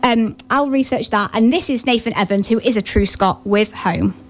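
A woman's voice: on the high side, moderate pace. Bubbly, chatty female radio presenter. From half Scottish.

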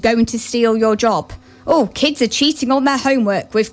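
A chatty woman radio host with a slightly high voice rambles between songs. She sounds nervous and excited and breaks into giggles as she talks into a studio mic. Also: moderate pace.

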